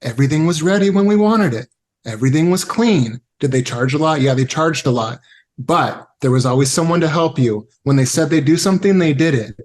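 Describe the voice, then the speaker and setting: A man's voice: fairly high pitch, expressive, brisk, darkish tone. A man who is a guest on a podcast, talking in a reflective, conversational way and telling stories. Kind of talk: casual conversation.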